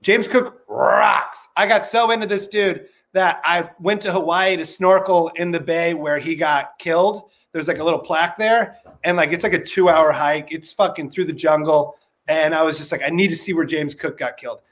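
High-voiced man telling rambling stories. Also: moderate pace, few pauses, fairly bright tone. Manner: rambling, profane storytelling with lots of fillers. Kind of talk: casual podcast chat.

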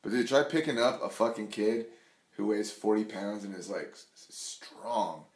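A deep-voiced man chats as a podcast guest, rambling with plenty of swearing and filler words. His voice sits very low, and the room around him rings with echo. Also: normal speed. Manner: rambling, profane, says "like" a lot. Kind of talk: casual chat. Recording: echoey room.

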